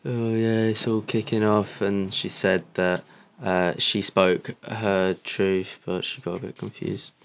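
Guy with a gravelly low voice, tired and laid back, podcast chat. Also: little pitch movement, slow pace. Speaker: podcast co-host. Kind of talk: casual chat.

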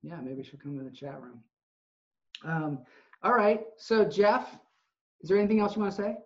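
Male podcast host, slightly raised pitch, animated storyteller, muffled lo-fi recording. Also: normal speed. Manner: animated storyteller, acts out quotes. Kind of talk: casual interview chat. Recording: dull lo-fi sound.

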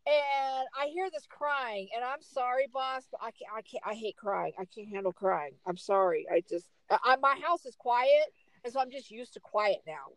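A middle-aged woman telling a story in casual chat, emphatic and animated. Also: normal speed, poor audio. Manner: animated, emphatic storyteller with big swings in pitch.

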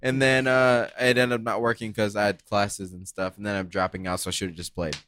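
A man's voice: on the low side, a little fast, slight background noise. A young man hosting a podcast, telling stories in casual chat and laughing often. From Arizona, US. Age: young adult. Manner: laughs a lot, animated storytelling. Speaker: podcast host.

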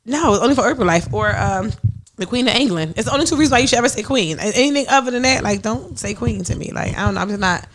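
Animated, blunt woman podcast host. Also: a little high, fast talker, slight background noise. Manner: blunt, profane, animated, laughs often. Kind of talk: casual chat.

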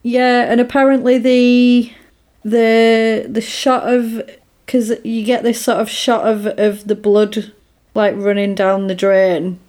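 A woman's voice: a little high, level tone, takes it slowly, darkish tone. A woman chatting casually about an old film, retelling scenes with acted quotes.

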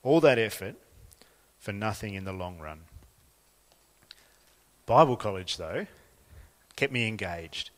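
A man with an Australian accent preaching a sermon, swinging from quiet, reflective lines to loud, emphatic ones. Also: lowish voice, expressive, slow, long pauses, in a large hall. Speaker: pastor.

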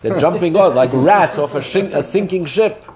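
A man's voice: on the high side, normal speed, a crowd in the background. A man teaching a daily Talmud page class, acting out the quoted speakers as he explains. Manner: animated, acts out the quoted speakers.

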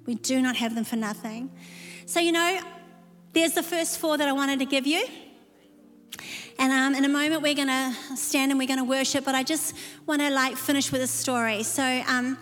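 A woman's voice: high-pitched, fairly even intonation, moderate pace. A woman pastor preaching a sermon to a women's gathering, emphatic and repeating key phrases. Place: large church hall. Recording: long hall reverb, soft music behind.

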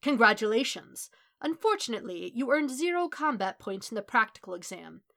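A woman reading fan fiction aloud, voicing a booming, hammy adult male superhero in a recorded message. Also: very animated, brisk, gravelly, exaggerated voice. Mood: boisterous. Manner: loud, theatrical, hammy declarations.

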